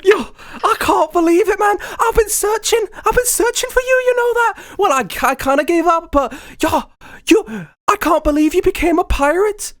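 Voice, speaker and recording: A man voicing an overeager young male superfan, gushing with excitement in a tabletop game. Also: very high-pitched, voice pushed up. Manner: gushing, rapid-fire excitement.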